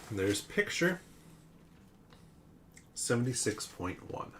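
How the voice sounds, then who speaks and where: A man's voice: mid-range voice, slight background noise. Man musing through a solo board game. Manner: muses aloud, self-mocking asides. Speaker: board game player and host. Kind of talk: solo board game playthrough with read-aloud story.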